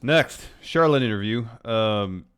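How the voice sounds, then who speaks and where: A man's voice: on the low side, lively intonation, slow, a bit bright, clear, resonant tone. A man co-hosting a wrestling podcast in casual chat, recapping the show's events in order in a matter-of-fact way. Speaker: podcast co-host.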